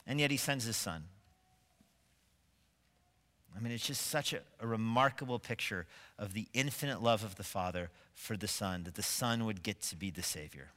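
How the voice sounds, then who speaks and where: Emphatic pastor with a bright voice. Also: male voice, on the low side, moderate pace, in a large hall. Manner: emphatic, building to forceful stresses; asks rhetorical questions of the congregation. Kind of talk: sermon. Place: church sanctuary.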